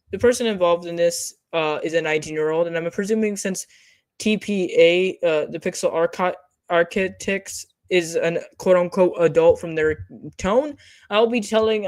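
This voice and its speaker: A woman's voice: fairly low pitch, dry recording. A woman streamer giving a profane, mocking commentary, reading out posts and picking them apart. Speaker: streamer commenting on online drama. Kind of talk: ranting commentary.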